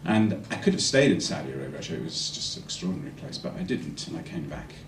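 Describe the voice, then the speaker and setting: A musician recalling a quiet moment in a soft, reflective way before introducing a song. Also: male voice, very deep voice, sing-song, quick pace, gravelly, slight background noise. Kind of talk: reflective stage storytelling. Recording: roomy, distant stage mic with music.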